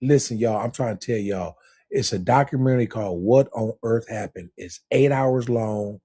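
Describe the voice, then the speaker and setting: A man's voice: lowish voice, moderate pace, dark tone, slightly rough. A man in a casual livestream chat who talks insistently and keeps repeating "listen" to hold the floor. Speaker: livestream participant.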